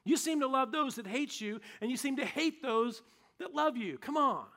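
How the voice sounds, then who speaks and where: A man playing an angry, blunt army commander who scolds loudly. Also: very high-pitched, expressive, normal speed, voice pushed up, exaggerated voice. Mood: angry scolding. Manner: shouting, scolding.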